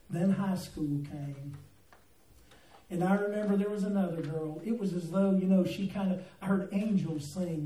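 A man's voice: high voice, dark tone. A man preaching a sermon in a church, telling folksy stories with jokes and asides to the congregation. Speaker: pastor. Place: church sanctuary. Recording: echoey hall, mic from a distance.

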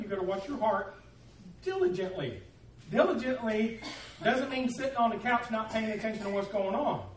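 A man preaching a sermon as pastor, telling stories with humor and animation. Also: high voice. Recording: echoey room, distant mic, faint noise.

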